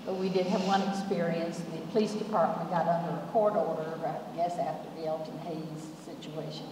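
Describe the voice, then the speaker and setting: Older woman, panel memories, chatty and rambling, lowish voice, echoey hall. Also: fairly even intonation, brisk, noisy background. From Memphis, Tennessee. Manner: chatty, restarts often, laughs between thoughts. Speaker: alumna panelist. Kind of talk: personal reminiscence on a panel. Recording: roomy hall with long reverb.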